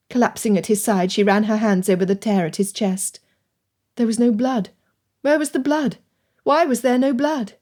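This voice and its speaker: Female audiobook narrator, expressive and dramatic, mid-range voice. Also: mid-range voice. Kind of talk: scripted narration.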